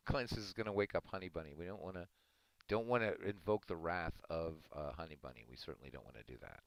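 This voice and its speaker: Man, livestream host, low gravelly voice, casual rambling chat, dry close sound. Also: a little fast, no room sound, poor audio. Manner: relaxed, rambling, chuckling asides.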